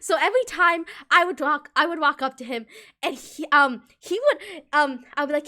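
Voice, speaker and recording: A young woman streamer telling a rambling, animated story in casual chat, full of restarts and giggles. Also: high voice, normal speed.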